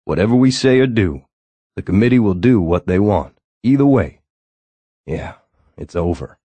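Man reading as a wry defiant friend, low, husky. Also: animated, moderate pace, warm tone, no echo, lo-fi sound. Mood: resigned. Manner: wry, resigned, then defiant. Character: a weary but defiant man, his friend.

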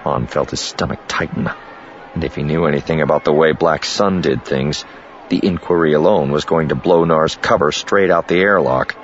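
A man reading scripted narration for an audiobook in a steady, measured way. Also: a bass voice, muffled recording, slight background noise.

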